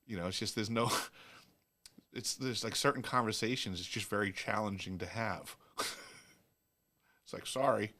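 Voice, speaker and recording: A man's voice: lowish voice, measured pace, long pauses, pushed and bright. A man from Long Island, hosting a casual livestream chat and cracking crude plumbing jokes with frequent laughs. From Long Island, New York. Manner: crude joking, laughs often. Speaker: host.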